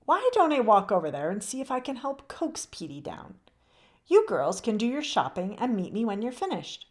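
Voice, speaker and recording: A woman voicing a kind, easygoing young man in a storybook, speaking gently and reassuringly. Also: fairly high pitch, very animated, normal speed. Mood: helpful.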